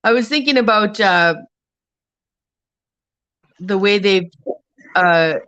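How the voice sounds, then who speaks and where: A woman speaks as a panel guest in a casual livestream discussion. Her voice sits at a middle pitch, and she rambles and gropes for words while she thinks. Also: slow pace, a bit bright, highs cut off. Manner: rambling, searching for words mid-thought.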